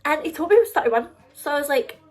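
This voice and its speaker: A woman's voice: sits high, animated, quick pace. A woman in her twenties with a Scottish accent, chatting in a casual storytime vlog, confiding and filler-heavy. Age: 20s. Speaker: vlogger.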